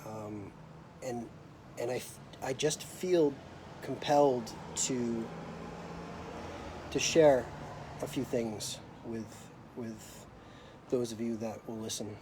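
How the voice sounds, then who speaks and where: A middle-aged American man hosts a live video against a noisy background, speaking slowly at medium pitch with frequent pauses. He tells a personal story reflectively and hesitantly, full of fillers and restarts.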